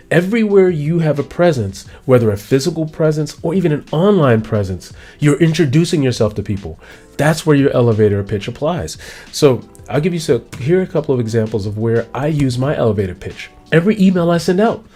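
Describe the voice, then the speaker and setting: A man who is a productivity coach, teaching to camera in a motivational way, acting out both sides of conversations. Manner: animated, acts out both sides of conversations in higher voices.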